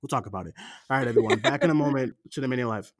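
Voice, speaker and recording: A man co-hosting a film podcast in casual chat, animated and swearing, acting out movie lines between bursts of laughter. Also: medium pitch, very fast, loud music behind the voice. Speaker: podcast co-host.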